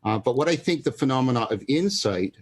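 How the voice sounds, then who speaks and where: A man as a podcast guest, explaining ideas in a halting, lecturing way, often restarting to search for words. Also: mid-range voice, lively intonation, breathy edge. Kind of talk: intellectual conversation.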